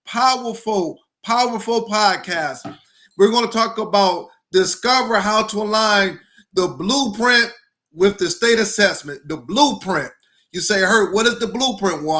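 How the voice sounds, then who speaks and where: A middle-aged man with a notably high voice hosts a live-streamed education podcast. He talks with hyped energy and stacks repeated phrases for emphasis. He greets his viewers one by one by name. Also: bright, forceful tone. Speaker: school principal and podcast host.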